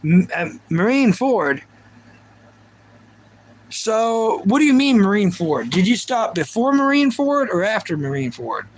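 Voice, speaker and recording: A man's voice: high-pitched, sing-song, unhurried, a little hiss or hum, poor audio. A young man hosting a livestream, chatting casually and playfully about anime and reacting to his viewers. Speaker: livestream host.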